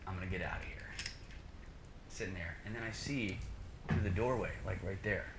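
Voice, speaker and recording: Animated man telling a story. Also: low-pitched, moderate pace. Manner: animated, acts out dialogue, many fillers. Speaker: podcast guest, musician. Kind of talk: casual storytelling. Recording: echoey room with background noise.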